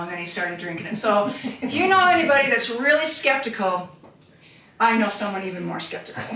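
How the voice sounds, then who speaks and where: A woman's voice: a little high, bright, forceful tone. A woman giving a live product demonstration, upbeat and coaxing as she talks straight to the audience. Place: indoor room with audience. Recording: echoey room, distant mic, faint noise.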